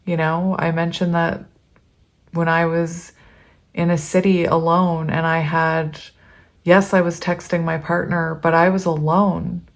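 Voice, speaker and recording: A woman's voice: lowish voice, flat delivery, unhurried, gravelly. Chatty, emotional tarot-reading woman. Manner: chatty and emotional, reading aloud with many ums. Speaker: tarot reader.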